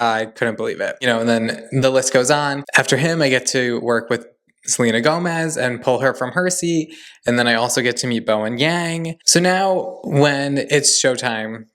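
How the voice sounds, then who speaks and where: A young man recounts his own experience on his podcast in a casual, chatty way. He gushes with excitement and fills his talk with "like", and his voice sits at an ordinary middle pitch. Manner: excitable, gushing, heavy use of "like". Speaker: podcast host. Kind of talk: casual storytelling monologue.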